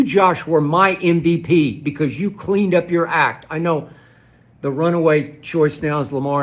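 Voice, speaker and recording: A man in heated sports debate with a slightly high voice. He hammers rhetorical questions and drives his points home by repeating them. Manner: repeats key phrases for emphasis. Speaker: sports commentator.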